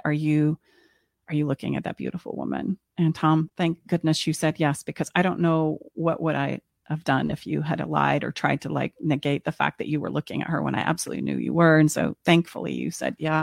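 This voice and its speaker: A woman's voice: low-pitched, gravelly, no room sound, clean studio sound. A middle-aged woman co-hosting a podcast, candidly telling a personal story and acting out her own thoughts. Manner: candid, expressive, acts out her own inner voice. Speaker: podcast co-host.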